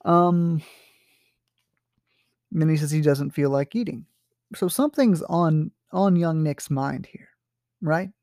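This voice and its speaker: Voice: medium pitch, slow, pauses often, a little mellow, no room sound, studio quality. A teacher explaining a short story in a casual, hesitant way, with many fillers and checks for understanding. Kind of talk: literature lesson, explaining a story.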